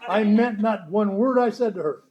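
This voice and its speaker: Blunt, wry man with a high voice. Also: normal speed, dull audio. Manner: blunt, wry, acts out quoted dialogue. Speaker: recovery meeting speaker. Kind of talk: storytelling talk to a convention audience.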